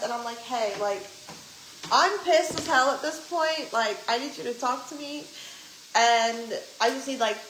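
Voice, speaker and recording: A woman's voice: fairly high pitch, a bit bright. Ranting young woman vlogger, echoey room. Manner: ranting, swears freely, retells quotes. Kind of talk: casual storytime chat. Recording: echoey room, faint background noise.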